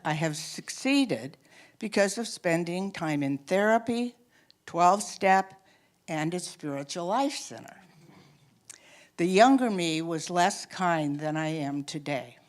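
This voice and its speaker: Slow, low-voiced older woman reading. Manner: calm, measured, reflective. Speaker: congregation member giving a reading. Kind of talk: reading affirmations and personal reflection.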